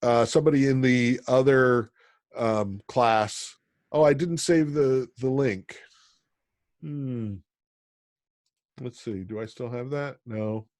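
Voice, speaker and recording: A man from Pennsylvania teaching an online college class, talking in a halting way with many ums and restarts. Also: medium pitch, darkish tone, no echo. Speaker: college instructor.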